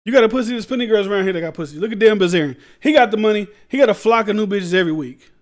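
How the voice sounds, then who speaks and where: A man's voice: high voice, lively intonation, racing. A man hosting a podcast, giving blunt, rambling commentary in slangy street talk. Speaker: podcast host. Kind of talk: casual commentary.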